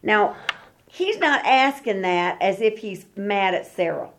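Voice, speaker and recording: A woman's voice: mid-range voice, a little slow. A woman leading a Bible study, reading scripture aloud and then explaining it in casual talk, acting out the quoted speakers. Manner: acts out the quoted speakers in lively voices.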